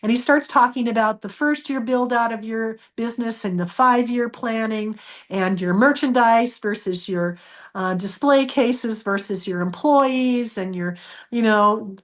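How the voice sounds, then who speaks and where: A woman telling a personal story as a guest, acting out the dialogue with lively changes of voice. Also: fairly high pitch, unhurried. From United States. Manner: animated, acts out quoted dialogue.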